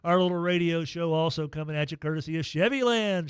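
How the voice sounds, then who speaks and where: A man hosting a morning sports radio show, telling stories in a lively, emotional, self-deprecating way into a studio mic. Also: a little high, brisk, hardly any pauses, clear, resonant tone, no room sound. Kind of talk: casual morning radio chat.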